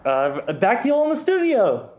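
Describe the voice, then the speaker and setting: A man's voice: very high-pitched, wildly swooping pitch, normal speed, a little mellow, highs cut off. A man hosting a radio segment from a rooftop at night, rambling with bemused commentary. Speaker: radio host reporting in the field. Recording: noisy outdoor field recording.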